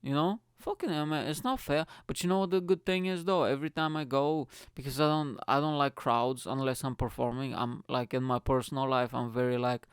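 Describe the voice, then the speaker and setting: Profane, rambling young comedian host. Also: male voice, mid-range voice, brisk, few pauses, clear, resonant tone, dry recording, studio quality. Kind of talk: comedic podcast monologue.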